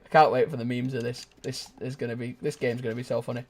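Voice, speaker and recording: A young man giving live gameplay commentary, chatting casually and shouting sudden excited exclamations. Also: mid-range voice, quick pace, hardly any pauses. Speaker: gaming video host.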